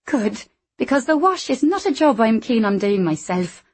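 A woman voicing a brisk, stern middle-aged housekeeper, speaking with raised, emphatic delivery in a storybook reading. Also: a little high, big pitch swings, breathy edge, voice pushed up. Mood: chatty.

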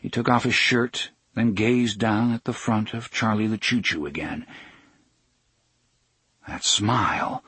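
A man narrating a novel in a measured, steady storytelling manner. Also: lowish voice, breathy edge, no room sound. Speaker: audiobook narrator. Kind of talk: scripted narration.

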